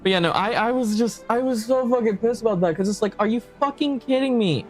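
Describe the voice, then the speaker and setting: A man's voice: extremely high pitch, fairly quick, faint music behind. A man streaming a game, talking casually and animatedly, swearing a lot and laughing often. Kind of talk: casual gameplay commentary.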